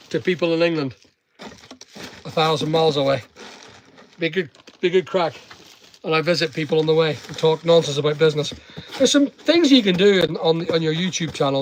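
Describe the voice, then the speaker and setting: A man's voice: fairly high pitch, moderate pace, pauses often, slight background noise. A middle-aged Northern Irish man rambling chattily on a livestream while packing online orders and talking to viewers. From Northern Ireland.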